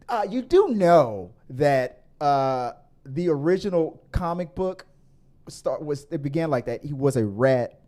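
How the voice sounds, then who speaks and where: Rambling man with a mellow voice. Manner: rambling, many restarts and self-corrections; grows animated and higher when arguing. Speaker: podcast host. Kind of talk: casual movie review chat.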